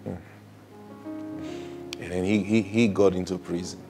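Animated male preacher, faint guitar behind. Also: low-pitched. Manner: swings between loud exclamations and hushed, slow asides; acts out prayers and conversations in changed voices. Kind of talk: sermon.

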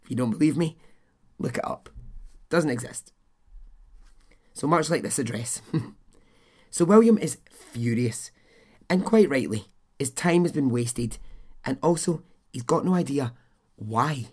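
A man's voice: mid-range voice, lively intonation, unhurried, long pauses, a little mellow, husky. A man hosting a podcast, telling a true-crime story in a chatty, blunt way, swearing and adding his own asides. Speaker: podcast host.

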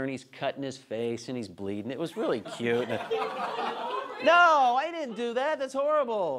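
A man in his thirties giving a humorous teaching talk, telling animated, self-mocking stories about his kids. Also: mid-range voice. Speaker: speaker.

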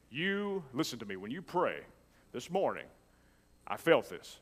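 A man's voice: medium pitch, very animated, unhurried, pauses often. Preaching man in a reverberant church. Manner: preaching with rising intensity, calls to the congregation. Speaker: pastor. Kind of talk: sermon. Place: church sanctuary.

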